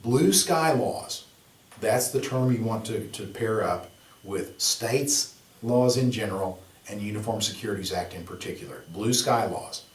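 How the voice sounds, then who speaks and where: A man's voice: fairly low pitch, normal speed. Male instructor, loose conversational classroom delivery full of asides, recorded from a distance with room echo. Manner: conversational, rambling, with many fillers and rhetorical questions. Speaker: exam prep instructor. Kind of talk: classroom lecture.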